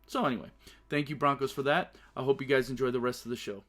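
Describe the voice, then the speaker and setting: A podcast host runs his own casual solo talk show, brash and profane, often laughing through his stories. His mid-range voice is a bit bright and fast, with fairly even intonation.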